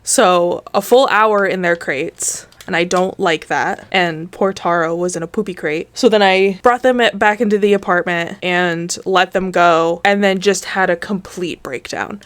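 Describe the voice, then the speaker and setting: A woman hosting a game video, chatting casually with rambling, candid storytelling and a tired, low-energy tone. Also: unhurried, hardly any pauses, fairly bright tone, no echo. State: tired, low energy after an emotional day. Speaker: gaming video host. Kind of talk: casual chat while playing a game.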